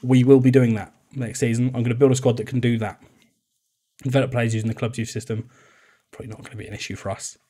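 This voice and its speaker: A man's voice: medium pitch, little pitch movement, quick pace, warm tone. A young man giving chatty, jokey commentary on a football management game, often laughing. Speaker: video game YouTuber. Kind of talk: casual gameplay commentary.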